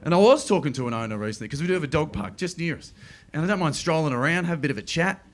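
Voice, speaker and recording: A middle-aged man with an Australian accent doing a stand-up comedy routine, telling stories quickly and slipping into playful voices. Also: a little high. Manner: animated, quick storytelling with playful put-on voices. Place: comedy club stage.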